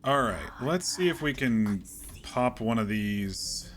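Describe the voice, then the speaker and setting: A man casually commenting while playing a video game, muttering plans to himself with sudden excited outbursts. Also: medium pitch, takes it slowly, slight background noise. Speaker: gaming channel host.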